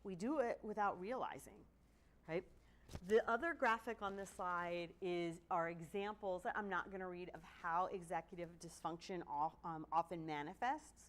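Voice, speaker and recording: A middle-aged woman giving a casual, animated lecture at a training session, often acting out the excuses people give. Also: fairly low pitch, normal speed. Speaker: presenter at a court training session.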